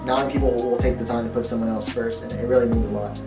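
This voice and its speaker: A young man speaks earnestly and thoughtfully about his girlfriend, in a mid-range voice. He sounds set back from the mic in an echoey room, with music clearly under him. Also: medium pitch, steady tone, racing. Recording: roomy, distant, music behind.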